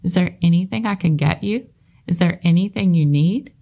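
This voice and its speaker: A woman's voice: lowish voice, moderate pace, vocal fry, lo-fi sound. Woman voicing Wilbur, the anxious young pig. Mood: eager. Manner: pleading, eager questions. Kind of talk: storybook reading aloud.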